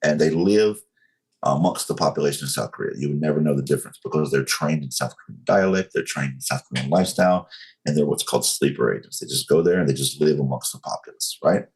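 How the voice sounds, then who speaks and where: An American man with a very deep, darkish voice talks fast on a rough recording. He's a guest in a casual podcast conversation, earnestly building his point through analogies and lots of fillers.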